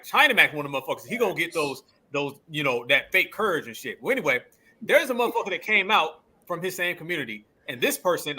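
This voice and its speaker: A man leads a loose group talk show. His voice is bright and forceful, and his pitch swings widely. He talks in an animated, profane way. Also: slightly rough. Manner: animated, profane, calls on co-hosts. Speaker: podcast host.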